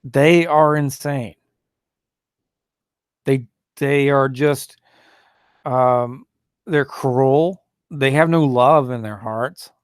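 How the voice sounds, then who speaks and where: A man's voice: medium pitch, drawn-out words, long pauses, smooth, no room sound, studio quality. A man hosting a solo talk show, rambling and indignant, with many fillers and restarts, who mocks opposing views in a raised, sneering voice.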